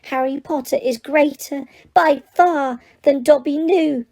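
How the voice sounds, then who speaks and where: A woman voicing a small, shrill, fiercely loyal male house-elf in an audiobook, speaking slowly and emphatically. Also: lively intonation, a little mellow. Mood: tearful. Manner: slow, emphatic, speaks of himself by name. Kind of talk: audiobook character voice.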